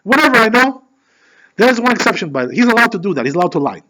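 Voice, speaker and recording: A man giving a conversational Torah class as a rabbi, animated and filling his talk with "you know". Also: high-pitched, quick pace. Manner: peppers speech with "you know". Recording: dull lo-fi recording.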